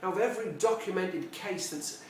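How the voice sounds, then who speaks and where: A man's voice: sits high, moderate pace, distant mic, slight background noise. Man giving a reflective talk in an echoey room. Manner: storytelling, emphatic repetitions. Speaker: personal development speaker. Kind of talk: reflective spoken talk to camera.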